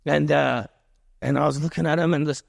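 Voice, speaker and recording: Guest, 50s, fairly high voice, loose rambling storyteller, dry close sound. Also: male voice, steady tone, brisk, creaky, dry recording. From Miami, USA. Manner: loose, repetitive, with many restarts and fillers. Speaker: podcast guest.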